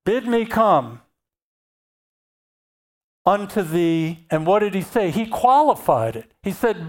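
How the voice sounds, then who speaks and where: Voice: mid-range voice, big pitch swings, takes it slowly, pauses often, darkish tone. A preacher giving a sermon, reading scripture aloud and then explaining it and repeating key phrases.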